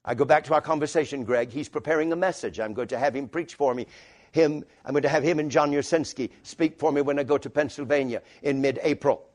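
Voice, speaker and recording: A man preaching a sermon to a congregation in a church, emphatic, moving from quiet reflection to loud declarations. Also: a little high, fast.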